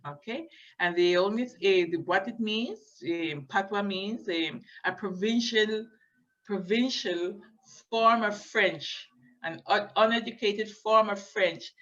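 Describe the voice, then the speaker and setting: A woman giving a lecture, hesitant and filling pauses, often checking in with her listeners. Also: mid-range voice, a bit bright. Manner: hesitant, many fillers, checks in with "okay?". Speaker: linguistics lecturer. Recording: dull lo-fi recording.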